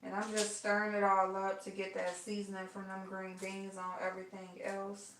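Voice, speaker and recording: Talking to her live chat while she cooks, this vlogger is blunt, gossipy and loose, addressing viewers as y'all. Her mid-range voice comes across completely flat at a normal speed, in an echoey room with a noisy background.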